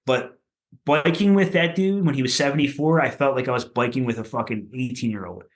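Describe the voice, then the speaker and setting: This man from Philadelphia, USA, a punk musician on a podcast, talks briskly at a medium pitch. In casual conversation he rambles through stories, swearing plenty and saying "like" often.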